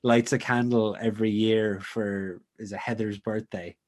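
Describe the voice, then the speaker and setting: A man's voice: fairly low pitch, fairly even intonation, unhurried, a little mellow. Enthusiastic man in casual film chat. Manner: enthusiastic, many "like" fillers, trails off mid-sentence. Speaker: podcast co-host.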